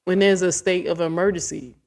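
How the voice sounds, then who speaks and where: A woman's voice: on the low side, fairly even intonation, fairly quick, gravelly, a little mellow. Woman vlogger, casual rant, blunt and rambling with swearing. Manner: blunt, profane, rambling and emphatic.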